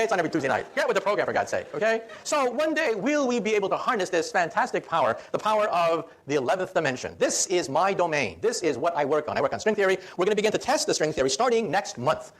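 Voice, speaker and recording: A man, a physicist, giving a humorous public lecture as an animated, joking storyteller. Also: sits high.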